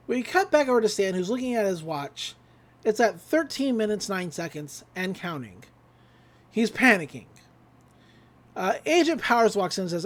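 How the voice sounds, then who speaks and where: Animated woman recapping an episode. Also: mid-range voice, moderate pace. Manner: animated retelling, acts out quotes, laughs often. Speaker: podcast host recapping a cartoon episode. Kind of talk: casual recap.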